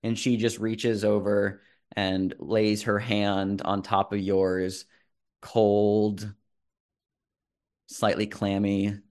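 A man with a fairly low voice narrating a tabletop game as game master. He takes his time, describing each scene slowly and deliberately. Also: little pitch movement, darkish tone. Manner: slow, descriptive storytelling.

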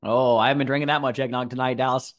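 A man's voice: mid-range voice, flat delivery, rapid-fire, close to an everyday voice. A man doing a rambling, folksy forest ranger. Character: chatty rambling middle-aged male forest service worker.

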